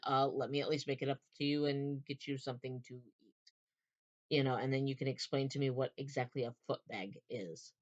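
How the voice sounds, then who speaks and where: A woman's voice: a bass voice, darkish tone, muffled recording. A woman voicing a stoic, apologetic young Brit. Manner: polite, baffled, explaining himself.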